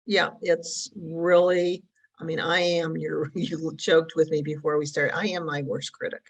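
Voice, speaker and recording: A woman speaking as a guest in a conversational interview, reflective and quick to laugh lightly. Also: sits low, flat delivery. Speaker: podcast guest. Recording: voice sounds distant from mic.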